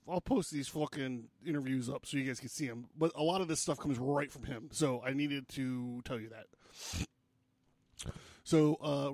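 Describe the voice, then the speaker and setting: A man's voice: on the high side, no room sound. A man hosting a podcast, retelling a legend in a casual, jokey way and swearing often. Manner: casual and profane, with jokey asides. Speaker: podcast host.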